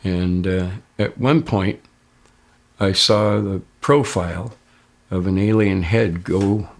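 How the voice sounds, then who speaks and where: Speaking slowly in a low, gravelly voice, an older interviewee tells a story from his own life in a casual way. Whenever he quotes other people, his voice rises sharply.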